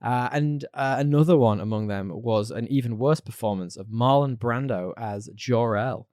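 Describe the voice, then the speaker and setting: Man, podcast co-host, casual chat, animated, dry close sound. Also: mid-range voice, normal speed, no room sound. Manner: chatty, animated, laughs often.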